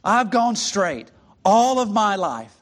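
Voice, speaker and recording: A man's voice: high voice, sing-song, slow, voice pushed up, full character voice. A man voicing a self-righteous male ghost from hell who insists, aggrieved, on his rights.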